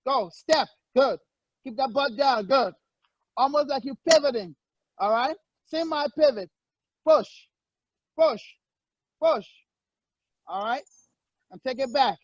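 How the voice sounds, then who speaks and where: A male fitness coach leading a workout, energetic and barking short encouraging commands, on a muffled lo-fi recording. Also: very high-pitched, slow pace, pauses often, no room sound.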